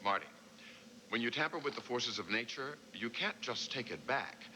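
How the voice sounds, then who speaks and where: A deadpan heavenly overseer. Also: male voice, medium pitch, normal speed. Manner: deadpan, dry. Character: wry male heavenly overseer, dry and stern. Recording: noisy VHS tape of a TV broadcast.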